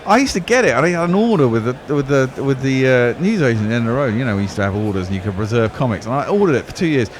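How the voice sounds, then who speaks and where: A man's voice: mid-range voice, lively intonation, quick pace, hardly any pauses, noisy background. A man co-hosting a cricket radio show, reading out listener tweets in jokey, casual banter. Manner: jokey, nostalgic, reads out tweets. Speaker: co-host reading listener messages.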